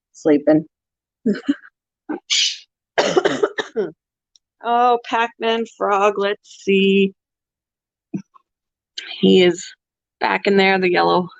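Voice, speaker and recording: This pet vlogger has a gravelly, mid-range voice and talks extremely slowly, leaving long pauses. She is chatty and laughs often as she walks around the animal cages in her house, captured in dull, dry lo-fi audio without echo.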